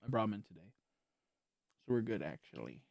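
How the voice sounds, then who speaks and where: A streamer chatting casually over a game, animated, laughing often and swearing freely. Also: deep voice, brisk, gravelly, no room sound, dull audio. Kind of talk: casual gameplay stream chat.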